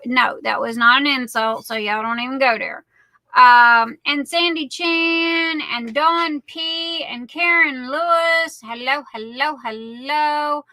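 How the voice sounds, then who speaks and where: A woman, hosting a live stream and greeting each viewer in a rambling, affectionate way. Her voice sits high and sounds very bright, and she talks at an unhurried pace. The sound is dry and close, with no room echo. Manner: chatty, affectionate, rambling with many fillers. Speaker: livestream host. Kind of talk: casual chat greeting viewers.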